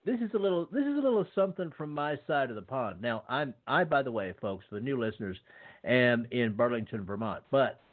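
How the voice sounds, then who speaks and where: A male radio host talks casually and chummily, rambling with plenty of hesitant fillers. His voice sits at an ordinary pitch. It carries the narrow, tinny sound of a phone line. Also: very animated, a little fast.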